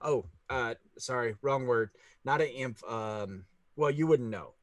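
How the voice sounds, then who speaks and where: Halting man running a tabletop game. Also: mid-range voice, no room sound. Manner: halting, full of fillers, laughs easily. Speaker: game master.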